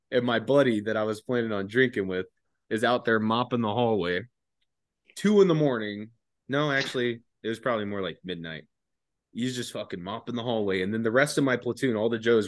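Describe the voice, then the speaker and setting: A man's voice: lowish voice, no echo, rough recording. A young man casually telling a podcast story, profane and laughing, acting out the voices of others. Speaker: podcast guest.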